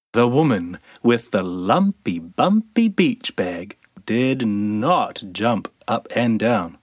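A reader telling a children's picture book in a slow, expressive storytelling voice. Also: mid-range voice, no echo, studio quality.

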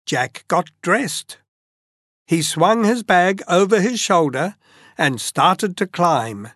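A storyteller reading a children's tale aloud, slow and expressive with dramatic pauses. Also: medium pitch, dry recording, studio quality.

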